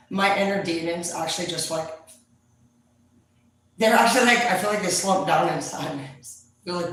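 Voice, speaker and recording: A woman tarot reader chatting casually to her viewers, rambling, loud and full of swearing. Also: fairly low pitch, moderate pace, pauses often. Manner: profane, loud, animated storyteller. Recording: echoey room, distant mic, faint noise.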